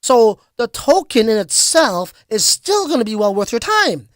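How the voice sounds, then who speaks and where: Hosting a laid-back crypto livestream, a man with an extremely high, sing-song voice takes his time, reading viewer comments aloud. His hyped, slangy delivery is packed with fillers and restarts, and the audio is dry and close with no echo.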